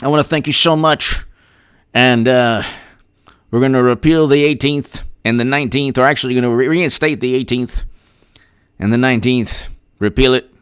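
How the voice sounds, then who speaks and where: A man's voice: medium pitch, moderate pace, a bit bright, clear, resonant tone, dry recording, clean studio sound, lightly acted. A man doing an impression of a rambling, folksy elderly politician who repeats catchphrases and jumbles his words. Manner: mumbling, repetitive catchphrases, jumbled.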